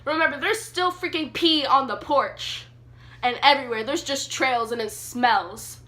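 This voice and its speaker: Bright, high-voiced young woman vlogger. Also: measured pace. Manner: chatty, animated storytelling with many fillers. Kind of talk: casual storytime vlog. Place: sitting on the floor indoors.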